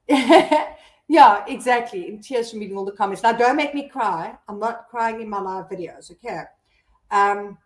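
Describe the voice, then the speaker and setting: A South African woman in her thirties, hosting a casual live stream and chatting candidly with viewers as she reads their comments. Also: medium pitch. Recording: roomy echo.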